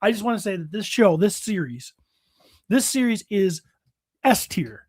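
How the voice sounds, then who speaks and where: A man with a high-pitched voice chats casually as a podcast co-host. He gets excited and rambles, swearing freely. The sound is dry and close. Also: normal speed, husky, no room sound. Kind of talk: casual chat.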